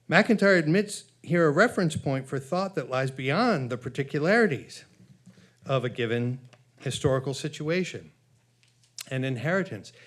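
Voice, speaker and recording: A man giving a conference lecture, reading from his paper in a measured, halting way with frequent fillers and self-corrections, and reading long quotations aloud. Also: medium pitch. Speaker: conference speaker.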